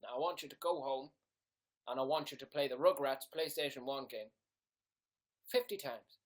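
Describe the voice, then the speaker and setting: A man's voice: medium pitch, moderate pace, close to an everyday voice. A man voicing a stern but kindly village priest in an improvised comedy sketch, talking in a mock-solemn, scolding way.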